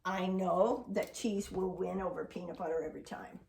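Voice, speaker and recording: A woman dog trainer, recorded from a distant mic in a roomy space with slight background noise, patiently talks through a training exercise as a demonstration and speaks affectionately to her dog. Her voice is lowish, gravelly and darkish, with a steady tone and moderate pace.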